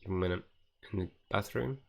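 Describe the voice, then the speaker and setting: A man reading as a gentle, reassuring ghost. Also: low-pitched, fairly quick, creaky. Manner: calm, reassuring. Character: gentle ghost of a young student friend. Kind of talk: reading game dialogue aloud.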